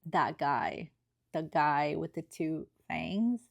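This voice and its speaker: A woman's voice: low voice, takes it slowly, gravelly. A woman giving an earnest, emotional book review in a casual, chatty way, often checking in with tag questions.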